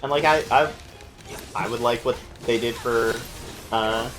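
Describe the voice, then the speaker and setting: A man's voice: mid-range voice, a little slow, a bit bright, faint music behind. A man hosting a gameplay video, chatting casually and explaining the game's mechanics as he thinks aloud. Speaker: let's play host.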